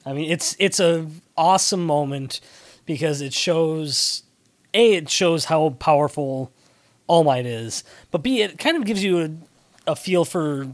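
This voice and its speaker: A young adult man co-hosting a casual chat, recapping scenes quickly with playful jokes. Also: a little high, expressive, dry recording. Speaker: podcast co-host.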